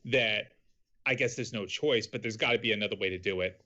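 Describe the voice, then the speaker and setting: A man co-hosting a wrestling podcast in casual chat, measured and agreeable, filling pauses with um and you know. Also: fairly low pitch, pushed and bright, lo-fi sound. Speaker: podcast co-host.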